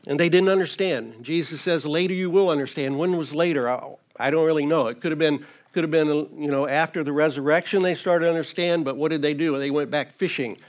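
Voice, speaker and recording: A man's voice: on the high side, a little fast. A man teaching through a Bible passage verse by verse in an informal, earnest way, with touches of light humor.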